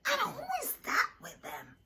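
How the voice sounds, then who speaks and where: A woman voicing a kind young schoolteacher who exclaims in a high voice. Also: measured pace, background noise, natural voice. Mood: surprised.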